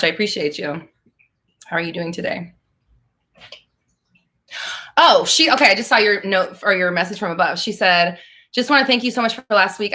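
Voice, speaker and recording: Bright and forceful at a medium pitch, a woman coaches viewers through a live Q&A on manifestation. The chat is casual and blunt, with free swearing and laughter between her comments.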